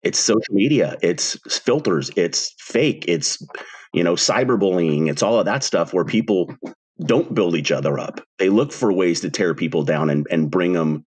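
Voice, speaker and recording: A man in his forties co-hosting a podcast, telling stories in a lively way and acting out the dialogue. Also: low-pitched, breathy edge. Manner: animated storyteller, acts out dialogue. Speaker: podcast co-host. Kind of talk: casual podcast chat.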